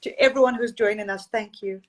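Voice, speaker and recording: A woman at a middle pitch tells stories from her career in an easy, chatty way and laughs often. She sounds relaxed and open, as if talking on a video call. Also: fairly quick. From Zambia and Zimbabwe. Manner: warm, storytelling, laughs often. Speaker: interviewed singer. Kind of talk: casual interview.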